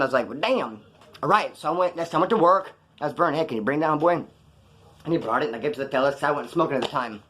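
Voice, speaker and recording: A man's voice: a little high, lively intonation, rapid-fire, fairly bright tone. A man casually telling prison stories to camera in a rambling, slangy way, acting out quoted dialogue.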